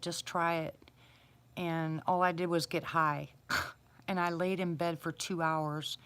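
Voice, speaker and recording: A middle-aged woman with a low, deep-set voice hosts a casual livestream. She is chatty and addresses her viewers by name in an easygoing tone. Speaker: livestream host. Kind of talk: casual live chat with viewers.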